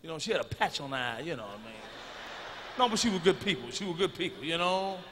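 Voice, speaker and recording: A middle-aged man doing stand-up, telling profane stories loudly and swinging into shouts. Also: fairly high pitch, very animated, fast talker, noisy background. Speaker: stand-up comedian. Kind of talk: stand-up routine. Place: large arena stage. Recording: live concert recording with long hall reverb.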